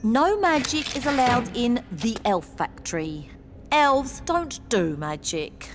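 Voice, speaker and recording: An actress voicing a polite, businesslike elf receptionist in a cartoon, speaking slowly with a lively voice. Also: female voice, fairly high pitch, faint music behind.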